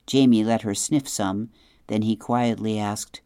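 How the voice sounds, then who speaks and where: Slow, low-voiced woman reading a story. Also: steady tone, no room sound, clean studio sound. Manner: measured, gentle storytelling. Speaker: audiobook narrator. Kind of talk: scripted narration.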